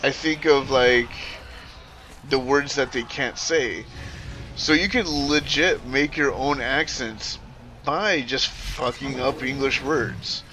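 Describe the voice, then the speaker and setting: A man streaming, ranting casually to his chat in an animated, profane, rambling way with frequent self-corrections. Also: mid-range voice, slow pace, a little hiss or hum.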